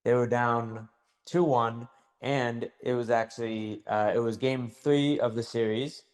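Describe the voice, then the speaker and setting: A man co-hosting a podcast in relaxed conversation, with a voice of middle pitch. He recalls details carefully and builds each point step by step. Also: a little slow. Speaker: podcast co-host. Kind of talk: casual chat.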